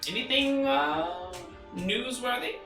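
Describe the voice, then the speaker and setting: A man's voice: very high-pitched, expressive, takes it slowly, vocal fry, pitched above the performer's own voice, exaggerated voice. A man putting on a prim, fussy gnome reporter. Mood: probing. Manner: fussy, haughty, impatient. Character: prim, lavishly dressed male gnome reporter. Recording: roomy, distant mic with music behind.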